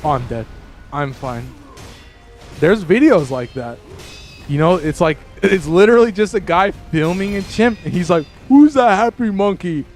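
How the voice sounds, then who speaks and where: Male gaming streamer with a slightly high voice, loose and rambling, who chats with viewers and keeps jumping up in pitch when excited. Faint game music underneath. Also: normal speed. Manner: rambling, with frequent restarts and sudden excited jumps in pitch. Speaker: livestreamer. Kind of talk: casual livestream chat with viewers while gaming.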